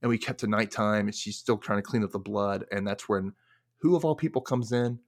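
Male podcast host, low register, loose chatty recap voice with dramatized quotes. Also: brisk. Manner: chatty, many fillers, acts out quotes. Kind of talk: casual TV recap chat.

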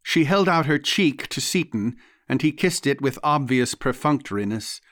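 A man narrating a literary ghost story in the first person, measured and deliberate. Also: mid-range voice, lively intonation, a bit bright, dry recording, studio quality. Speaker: audiobook narrator.

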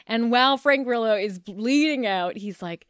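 A woman with a slightly high voice chatting casually about a movie on a podcast. She is blunt and jokey and swears freely. The sound is dry and close. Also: normal speed, fairly bright tone, clear, resonant tone, no echo. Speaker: podcast co-host. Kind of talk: casual film discussion.

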